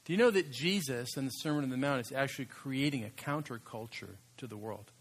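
A pastor in the middle of a sermon, talking to his congregation in a relaxed, conversational way. His voice has a husky edge, and he slows down and presses on the words he wants to stress. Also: mid-range voice. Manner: conversational, emphatic preaching with slow stressed words.

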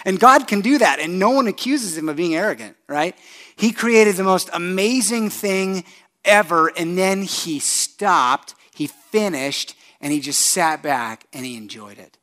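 An animated male pastor in full sermon mode, his fairly high voice dropping to a hush and then surging loud. He keeps putting direct questions to the congregation. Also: unhurried. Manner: animated, shifts from hushed to loud emphasis.

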